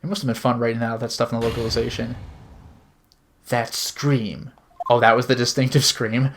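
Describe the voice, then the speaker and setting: A man's voice: mid-range voice, level tone, normal speed, noisy background. Man commenting casually on a game. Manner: amused, offhand remarks between read lines. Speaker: streamer.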